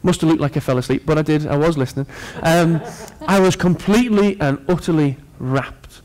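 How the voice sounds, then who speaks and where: This sermon comes from a man whose voice sits slightly high and carries a darkish tone. He moves briskly, staying earnest while slipping in jokes aimed at the congregation.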